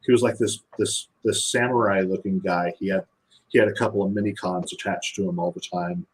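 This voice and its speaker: A man's voice: sits low, fairly even intonation, a little fast, slightly rough, low-quality recording. A man, a podcast guest, explains game rules casually, often restarting and repeating words. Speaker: guest game designer previewing a rulebook.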